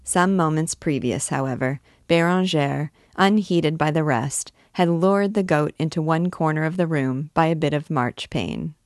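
A woman reading a classic novel aloud in a measured, expressive storytelling manner. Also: low voice, dry recording, studio quality. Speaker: reader.

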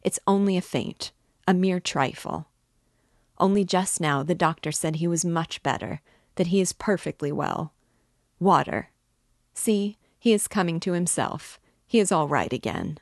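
A woman's voice: lowish voice, lively intonation, a little slow, no echo, clean studio sound. A woman reading the lines of an anxious, loyal young man who speaks in urgent, reassuring exclamations. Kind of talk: audiobook character reading.

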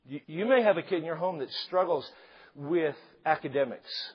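A middle-aged male pastor preaching a sermon, animated and joking, acting out quotes along the way. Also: a little high, moderate pace, slightly rough. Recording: slightly dull lo-fi sound.

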